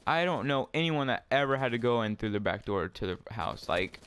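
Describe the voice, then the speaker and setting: Young man, casual storytime, rambling and profane, mid-pitched, at home. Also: expressive, fairly quick, a bit bright, smooth. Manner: rambling, full of fillers and swearing. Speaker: storyteller vlogger. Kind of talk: casual storytime while gaming.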